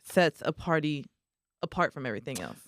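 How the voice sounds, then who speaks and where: A woman hosting a podcast in casual chat, relaxed and chatty. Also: deep voice, fairly quick, no room sound, clean studio sound. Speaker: podcast host.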